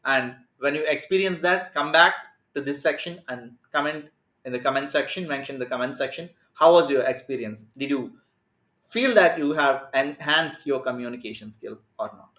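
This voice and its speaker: A man, a communication skills coach teaching a live lesson in an energetic, emphatic way. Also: medium pitch, moderate pace, echoey room. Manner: energetic, emphatic, plays with stress and pace.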